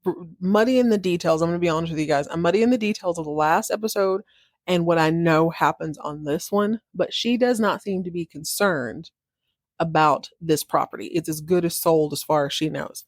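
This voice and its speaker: Sassy lady recapping a soap on her podcast, kinda low voice, super dry mic. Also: normal speed, no room sound. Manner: sassy, playful, slangy, acts out characters in quotes. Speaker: podcast host recapping a TV drama. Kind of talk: casual recap with acted-out quotes.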